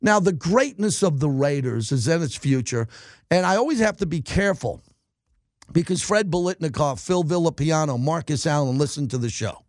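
Fired-up high-voiced sports talk host. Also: male voice, normal speed, no room sound, studio quality. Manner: animated, emphatic, ranting. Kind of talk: opinionated sports talk monologue.

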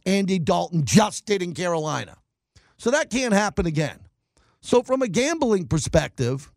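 A middle-aged man rants through a sports talk monologue with emphatic, animated energy. His voice sits high for a man. The sound is dry and close, with no room around it. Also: no room sound. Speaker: sports radio host.

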